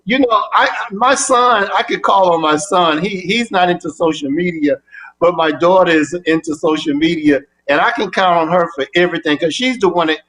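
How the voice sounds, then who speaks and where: High-voiced older man telling a story. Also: a little fast. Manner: animated storyteller who acts out both sides of phone calls. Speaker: guest. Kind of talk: casual interview storytelling.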